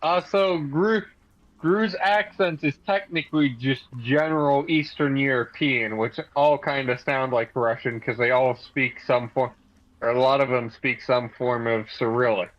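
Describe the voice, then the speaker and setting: A man's voice: medium pitch, fairly even intonation, measured pace, lo-fi sound. A man playing a tabletop game, describing his character's actions and arguing points at length. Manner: rambling, argumentative. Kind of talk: casual play and banter.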